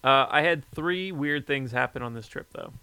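A man chatting casually, telling a story with lively energy and plenty of swearing. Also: medium pitch, normal speed, creaky, smooth, no room sound. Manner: animated storyteller, swears freely. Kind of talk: casual chat.

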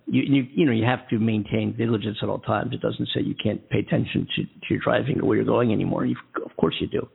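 Rambly podcast guy, gravelly and a bit husky, sounds like it's over a phone line. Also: medium pitch. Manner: rambling, enthusiastic, many fillers and restarts. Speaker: podcast host. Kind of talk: casual solo podcast chat. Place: California.

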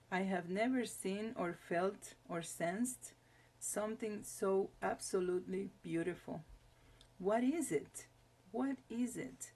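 A woman's voice: on the low side, vocal fry, a little mellow. A woman reading her own memoir aloud in an earnest, reflective first-person narration.

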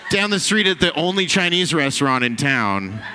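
A man's voice: on the high side, big pitch swings, normal speed, long reverb tail, background noise. A man doing a stand-up set, brash and profane, teasing people in the crowd. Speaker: stand-up comedian. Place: comedy club stage.

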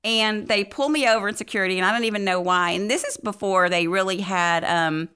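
A woman's voice: mid-range voice, fairly quick, sharp tone, clear, resonant tone. A mother of five chatting casually on a church podcast, self-deprecating and laughing at her own stories. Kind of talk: casual storytelling chat.

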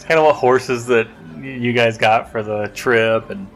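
A man at a tabletop game casually relates what his character does, speaking at a mid pitch. Clear music runs behind him. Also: fairly even intonation, unhurried. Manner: describes his character's actions in third person. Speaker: player.

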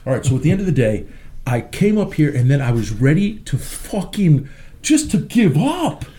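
A man's voice: a little high, very animated, normal speed, mellow. A man being interviewed as a musician, talking in a brash, rambling, profane way. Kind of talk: casual interview chat.

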